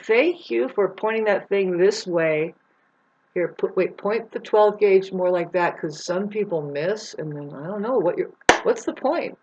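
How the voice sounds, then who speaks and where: A woman talking in a rambling, meandering monologue, jumping between loud bursts and low mutters and swearing freely. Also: normal speed. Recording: dull lo-fi sound.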